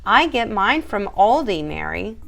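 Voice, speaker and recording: A chatty, emphatic woman hosting a pet-grooming live stream and talking straight to her viewers. Her voice sits at a middle pitch. Faint music plays behind her. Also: very animated, measured pace, gravelly, fairly bright tone. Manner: chatty and emphatic, many restarts, greets viewers by name. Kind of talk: casual live-stream advice, reading viewer comments.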